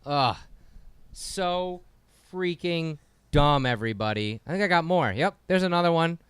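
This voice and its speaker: A man's voice: a little high, animated, unhurried, smooth, no echo, clean studio sound. A man co-hosting a casual podcast, ranting in an exasperated, swearing way. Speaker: podcast co-host. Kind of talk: casual comedic rant.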